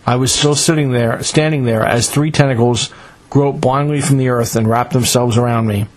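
Man reading an adventure serial, mid-pitched, measured and dramatic. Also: fairly even intonation, rough recording. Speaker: narrator. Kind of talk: scripted first-person story narration.

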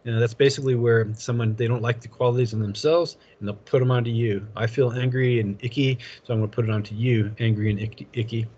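Husky man giving a rambling lecture. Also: medium pitch, fairly even intonation, quick pace, hardly any pauses, a little mellow, lo-fi sound. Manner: rambling, chuckles often, tells anecdotes. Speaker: college instructor. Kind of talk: casual classroom lecture.

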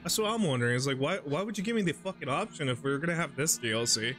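A man's voice: on the high side, expressive, very fast, music in the background. A man streaming a horror video game, rambling casually, swearing and laughing often. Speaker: gaming streamer. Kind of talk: casual gameplay commentary.

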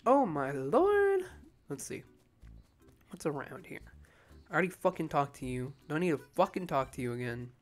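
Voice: mid-range voice, fairly quick, pauses often. A sleepy let's-play commentator talking casually at home, rambling and cursing freely in a mid-range voice. Faint game music runs underneath the talk.

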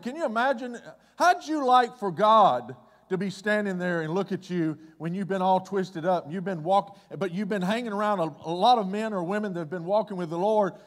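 Pastor, male, high voice, animated conversational sermon, long hall reverb. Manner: conversational preaching, swinging from loud excitement to hushed low tones.

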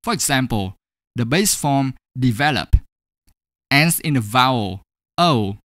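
Guy teaching english grammar real slow, lively up and down pitch, dry close sound. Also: dry recording. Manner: slow, deliberate, repeats each example word twice. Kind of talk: grammar lesson.

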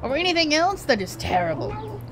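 A woman voicing a lazy, self-important male cat mayor with a low, grand, sleepy manner, reading game dialogue. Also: very animated, normal speed, background noise. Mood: grandly lazy.

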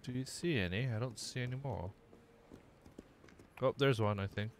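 A man's voice: medium pitch, normal speed, slight background noise. A young man casually commenting on his video game playthrough, rambling, correcting himself and getting distracted. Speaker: gaming streamer. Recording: game music behind.

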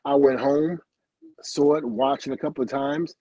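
A middle-aged man with a mid-range voice and moderate pace, recorded with the highs cut off, is a livestream guest talking about his career. He acts out quoted dialogue in a lively way, laughs often and swears.

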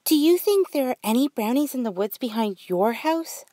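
A woman voicing a curious young girl who talks in an excited, high, chirpy way. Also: moderate pace. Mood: eager.

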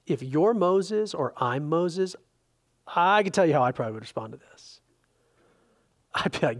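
A man pastor preaching a conversational Bible-study sermon, animated, with frequent restarts and filler words. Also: a little high, normal speed. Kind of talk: expository sermon. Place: church sanctuary.

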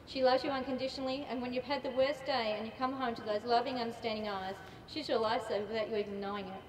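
A woman's voice: on the high side, steady tone, quick pace, slight background noise. An Australian woman giving an impassioned rally speech, emphatic and repeating phrases for effect. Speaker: rally speaker. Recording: echoey PA sound from far off, loud ambience.

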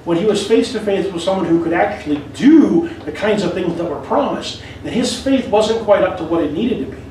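A man with a fairly high voice preaches a sermon in an earnest, conversational manner, often stopping to restart a phrase. He is recorded from a distance in a church sanctuary. Heavy echo fills the sound, and faint noise sits underneath. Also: a little mellow. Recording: very echoey hall, mic far off.

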